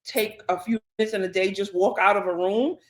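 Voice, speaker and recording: A woman's voice: mid-range voice, brisk. Chatty woman podcast co-host. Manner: relaxed, chatty, many fillers and asides. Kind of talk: casual podcast chat.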